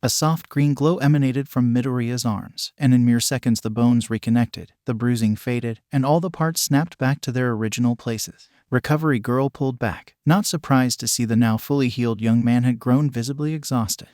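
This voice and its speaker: A man's voice: mid-range voice, normal speed, hardly any pauses, darkish tone, no echo, clean studio sound. Man reading a story evenly. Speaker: narrator. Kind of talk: audiobook reading of fan fiction.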